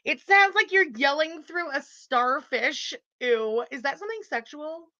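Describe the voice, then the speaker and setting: With a high, sharp, animated voice and a slightly slow delivery, a woman from Quebec hosts a livestream and reads super chats in casual chat. The recording is dry, made through a muffled built-in computer mic, and she laughs often, teases viewers and swears openly.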